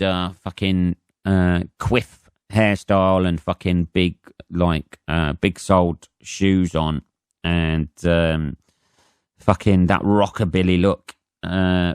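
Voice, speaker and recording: A man's voice: low voice, clear, resonant tone, dry recording, studio quality. A man in his forties with an English accent, a comedian hosting his own podcast in a rambling, profane monologue full of fillers and restarts.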